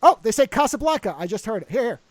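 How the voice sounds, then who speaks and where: A man's voice: very high-pitched, very animated, fast, no room sound. A middle-aged man co-hosting a podcast, chatting casually and rambling with restarts and asides. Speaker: podcast co-host. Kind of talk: casual chat.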